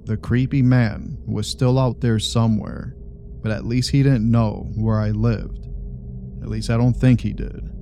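A man reading a first-person story aloud as scripted narration, in a steady, measured way. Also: medium pitch, a little hiss or hum.

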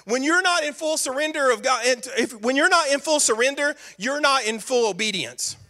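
High-voiced, bright preaching man. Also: animated, normal speed. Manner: emphatic, repetitive preaching with playful asides. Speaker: pastor. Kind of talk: sermon.

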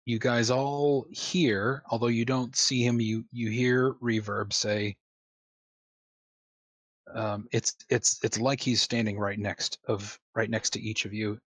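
A man's voice: medium pitch, level tone, slow pace, no echo. A man running a tabletop game as game master, hesitant with many restarts.

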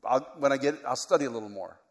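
A man preaching a sermon, moving from quiet, reflective teaching to loud, impassioned preaching. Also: mid-range voice, fast talker, gravelly. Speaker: pastor. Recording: long hall reverb.

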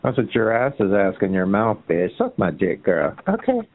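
A man calling into a chat line, trading insults and taunts in a heated argument. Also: moderate pace. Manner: taunting, mocking, swinging into a shrill sneer. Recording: tinny phone line.

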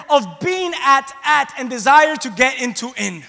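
High, bright-voiced man preaching. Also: animated, unhurried, vocal fry, few pauses, big-room sound. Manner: impassioned, shouting at peaks, addresses the congregation. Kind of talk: sermon. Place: church hall.

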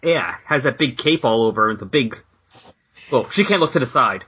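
A man with a husky voice chats about comics in an easygoing, joking way. The audio is dull and lo-fi. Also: mid-range voice, lively intonation, moderate pace. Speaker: podcast co-host. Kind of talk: casual chat.

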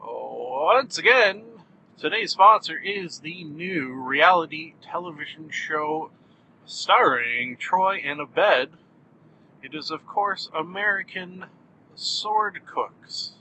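A male podcast host talking while he drives, rambling and poking fun at himself. His voice is bright and sits fairly high. A faint hum of the vehicle runs underneath. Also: animated, takes it slowly, gravelly, rough recording. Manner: rambling, self-mocking, jokey. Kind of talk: casual rambling monologue. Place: car while driving.

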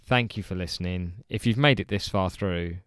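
Wry, low-voiced male podcast host. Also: moderate pace, a bit bright, smooth, no room sound, clean studio sound. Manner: wry, exasperated sign-off. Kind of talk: casual comedic banter.

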